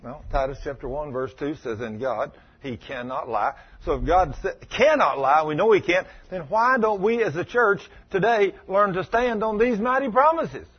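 Preacher guy, husky, swings way up and down, fired-up sermon, muffled radio sound. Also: high voice, moderate pace, few pauses. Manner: fervent, animated storytelling preaching.

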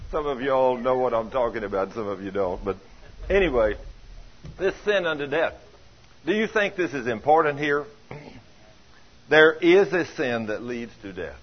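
Husky folksy older preacher man. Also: mid-range voice, expressive, moderate pace, long pauses. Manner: storytelling, chuckling, colloquial grammar. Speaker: pastor. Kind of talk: folksy sermon. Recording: dull lo-fi sound.

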